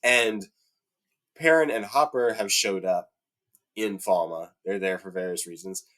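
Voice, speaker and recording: A man's voice: a little slow, a bit bright. A man talking casually and heatedly about a fantasy series, with lots of fillers, his voice climbing when he gets indignant. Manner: heated, rising to high-pitched indignation, many fillers. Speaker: book fan commentator. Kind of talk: casual rant about a TV adaptation.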